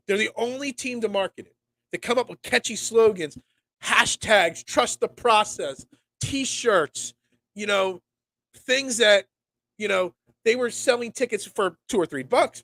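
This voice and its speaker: A man's voice: sits high, fairly bright tone. A man in his forties from Pennsylvania, hosting a casual sports talk show. He is feeling sick, rambles, and stammers through many restarts. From Pennsylvania, USA. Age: 40s. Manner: rambling, stammers and restarts, reads and answers chat. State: sick, congested.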